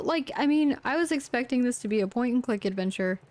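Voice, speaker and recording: A woman's voice: fairly high pitch, lively intonation, normal speed, hardly any pauses, no room sound. A young woman streaming a detective game, playful and giggly, joking to her chat. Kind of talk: casual live-stream commentary.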